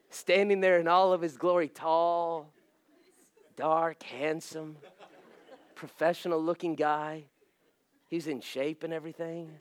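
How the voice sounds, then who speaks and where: High-voiced pastor telling a funny story. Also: male voice, slow pace, long pauses, clean tone. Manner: animated, self-mocking, acts out voices. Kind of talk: humorous sermon storytelling.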